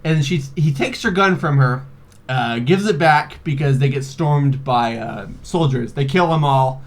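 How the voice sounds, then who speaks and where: A man's voice: mid-range voice, a little slow. A man in his twenties recapping a video game in a rambling, profane, joking way, full of fillers and laughs. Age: 20s. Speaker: video host. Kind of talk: casual comedic game recap.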